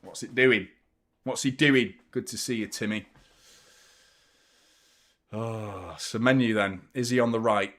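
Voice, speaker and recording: A man's voice: lowish voice, unhurried, long pauses, a bit bright. A young adult man, hosting a live football watchalong, chatting casually, reacting to play and thanking viewers by name. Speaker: fan channel host.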